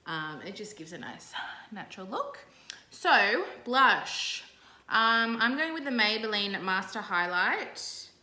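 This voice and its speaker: Her mid-range voice comes out pushed and bright. A young Australian beauty vlogger, she leads a casual makeup tutorial full of chatty, playful remarks to viewers; the room echoes and there's faint background noise.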